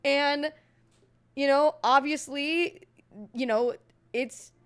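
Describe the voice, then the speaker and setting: A woman's voice: high-pitched, fairly even intonation, slow, soft background music. A woman streamer chatting casually while reacting to a video, playful, swearing and laughing a lot.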